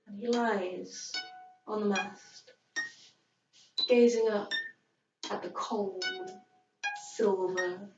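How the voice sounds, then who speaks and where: A woman tells a story very slowly, leaning into dramatic pauses. Her slightly high voice sounds far from the microphone and dull, in a roomy space. A loud guitar plays throughout. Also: steady tone. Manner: slow and dramatic, with long pauses. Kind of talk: storytelling narration over guitar music.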